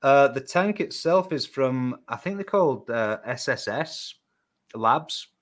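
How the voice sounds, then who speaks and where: A man joining a live chat show over a video call, talking in loose, sweary banter. He gets worked up fast and pushes back loudly when teased. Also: medium pitch. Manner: sweary, excitable, quick to get worked up. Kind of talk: casual banter.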